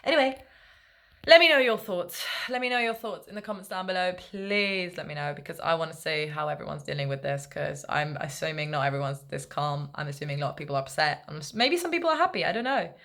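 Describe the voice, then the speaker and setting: A woman's voice: low-pitched, expressive, fast talker, gravelly, hardly any pauses, a bit bright. A young woman fan talking casually in a rambling, laid-back vlog, full of fillers and asides. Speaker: football fan vlogger.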